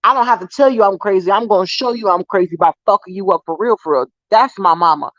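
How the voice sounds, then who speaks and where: A young woman tells stories straight to her viewers, animated and full of profanity, often breaking into laughter. Her voice sits at a middling pitch. The recording sounds dull and lo-fi, with a dry, close sound. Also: quick pace, dry recording. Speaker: vlogger. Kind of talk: casual storytelling to viewers.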